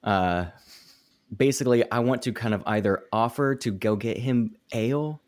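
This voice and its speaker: A man playing a tabletop game, thinking out loud and hesitant as he plans. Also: medium pitch, moderate pace. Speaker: player.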